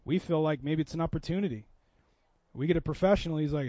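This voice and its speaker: A man's voice: on the high side, fast, mellow, dry recording, muffled recording. A man preaching a sermon in a church, telling a story in a conversational way that builds to impassioned preaching. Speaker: pastor.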